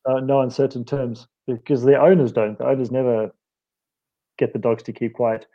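Man from south africa rambling through a story, mellow voice, kinda lo-fi. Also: medium pitch, flat delivery, normal speed. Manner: rambling, self-correcting, laughs often. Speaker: guest speaker on stretching. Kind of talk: casual storytelling chat. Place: home office.

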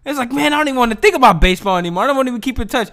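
A man hosting his own podcast in a rambling, profane solo rant, dropping to low mumbles and then rising to excited outbursts. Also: rapid-fire. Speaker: podcast host. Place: home.

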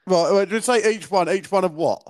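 A man's voice: high-pitched, fairly quick. A young man from Kent with a southern English accent, co-hosting a podcast in casual banter, swearing and laughing a lot. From Kent, England. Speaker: podcast co-host.

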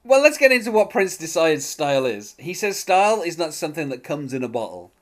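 A man's voice: a little high, big pitch swings, fairly quick. A man hosting a casual podcast chat, talking with many fillers and restarts. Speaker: podcast host.

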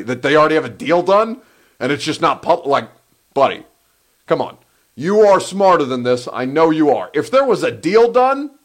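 A man hosting a solo live sports talk show, animated and rambling, often breaking off mid-sentence. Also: medium pitch. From Egyptian heritage. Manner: animated, rambling, self-interrupting.

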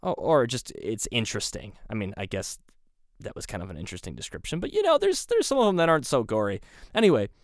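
Male podcast host, casual monologue, sarcastic, rambling, mid-pitched voice, dry close sound. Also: huge pitch swings, quick pace, no room sound. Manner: rambling, sarcastic, self-deprecating asides.

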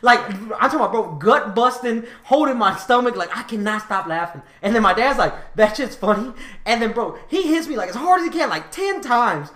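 Animated man telling stories in an echoey room. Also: very high-pitched, a little fast, hardly any pauses. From Houston, Texas. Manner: animated, profane storytelling, laughing often. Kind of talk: casual storytelling chat.

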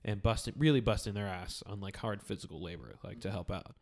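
A young man hosting a casual podcast, telling work stories in a relaxed way with many fillers. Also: fairly low pitch, brisk. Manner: relaxed storyteller, hedging with fillers. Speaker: podcast host.

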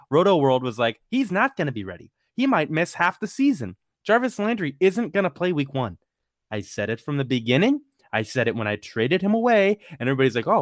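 A man's voice: mid-range voice, no room sound, clean studio sound. A man hosting a casual sports podcast, blunt and emphatic, swearing freely. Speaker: podcast host.

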